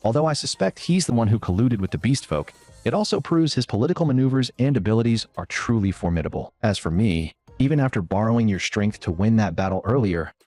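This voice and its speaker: A man narrator voicing an earnest young princess in a recap story, raising his pitch. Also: animated, quick pace, darkish tone, no room sound, faint music behind, natural voice.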